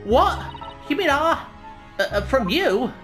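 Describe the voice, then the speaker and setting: A man's voice: very animated, takes it slowly, music in the background, exaggerated voice. A man voicing a cheeky seventeen-year-old street girl and pickpocket in a video game, with a brash, mouthy way of talking. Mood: defiant. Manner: brash and mouthy, high-pitched.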